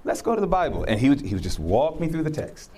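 A man's voice: on the high side, fast, a little hiss or hum. A man preaching and telling stories from his own life, acting out what people said and laughing often. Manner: animated storyteller who acts out quotes. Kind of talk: testimony in conversation.

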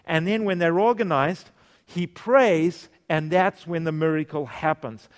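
Animated preacher in a reverberant hall. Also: male voice, on the high side, measured pace. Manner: animated, acts out quoted voices, asks the congregation questions. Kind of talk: sermon.

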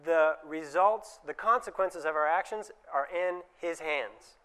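A man's voice: a little high, unhurried, pushed and bright, clear, resonant tone. A man giving a conversational presentation to fellow dentists, often acting out short dialogues in changed voices. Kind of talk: conference talk to dentists.

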